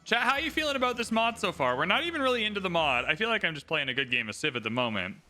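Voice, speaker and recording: Man, livestream gameplay commentary, lively swooping pitch, bright tone, faint music behind. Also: very fast. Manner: upbeat, thinks aloud, chats to viewers. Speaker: streamer playing a strategy game.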